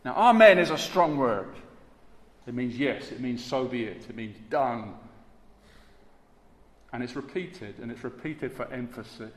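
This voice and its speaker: A man preaching a sermon, emphatic and rhetorical, moving between hushed and forceful delivery. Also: medium pitch, animated, unhurried, pauses often. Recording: echoey hall, long reverb, faint background hiss.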